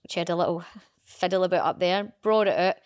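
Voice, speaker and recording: A woman's voice: fairly low pitch, fairly even intonation, brisk, smooth, no room sound. Female podcast co-host, candid, swears freely, dry studio sound. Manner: candid, swears, laughs often. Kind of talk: casual chat.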